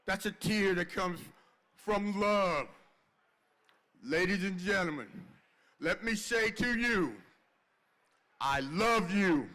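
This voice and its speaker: A man in his sixties giving a heartfelt, preacher-like reunion speech in a large tent, with slow rhetorical repetition. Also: high-pitched, pushed and bright. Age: 60s. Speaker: award recipient giving remarks.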